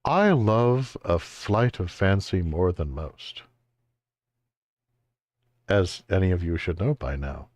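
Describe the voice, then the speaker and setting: Low, unhurried man joking over a game. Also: expressive, a little mellow, dry recording. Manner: wry, joking, exaggerated exclamations. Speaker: game streamer. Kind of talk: let's-play commentary.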